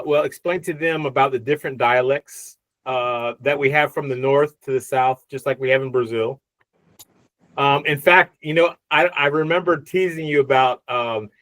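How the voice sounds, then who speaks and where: A man's voice: on the high side, a bit bright, dry recording. Playful, teasing man asking questions. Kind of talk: casual chat.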